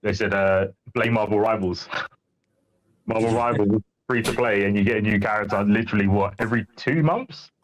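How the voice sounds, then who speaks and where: A man joining a livestream by phone, talking casually in a relaxed, profane way. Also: lowish voice, normal speed, poor audio. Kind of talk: casual stream chat. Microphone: phone call.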